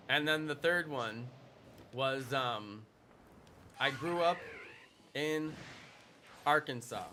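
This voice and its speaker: A man's voice: mid-range voice, bright, forceful tone. A young man live streaming, chatting casually with his audience in a playful, teasing way. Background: background music.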